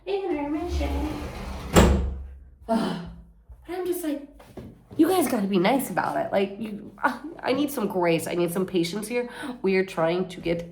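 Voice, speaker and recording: A woman's voice: mid-range voice, animated, normal speed, noisy background. A young woman venting in a casual vlog, exasperated and rambling, swearing freely. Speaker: vlogger.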